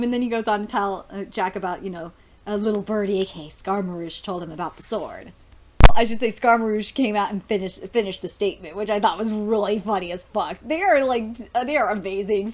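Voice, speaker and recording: A young woman excitedly reviewing a cartoon episode, laughing often, swearing freely and acting out lines. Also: medium pitch. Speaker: show reviewer.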